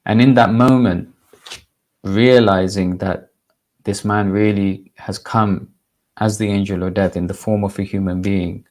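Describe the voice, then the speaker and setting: A man who is a religious teacher, telling a moral story in a measured, deliberate sermon style. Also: on the low side, fairly even intonation, a little mellow.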